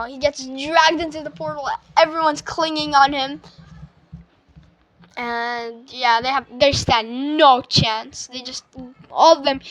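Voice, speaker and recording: Woman reviewer, unhurried casual plot recap, trips over words often. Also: high voice, fairly bright tone, dry recording, low-quality recording. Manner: stuttering, restarts, filler-heavy. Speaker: movie reviewer.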